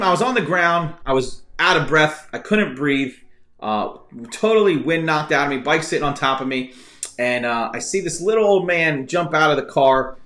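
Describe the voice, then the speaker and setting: A man hosting a live online trivia show who rambles casually through stories and shout-outs, stumbling over fillers and restarts. His voice sits a bit high for a man. It rings in an echoey room with faint music underneath. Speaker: game show host.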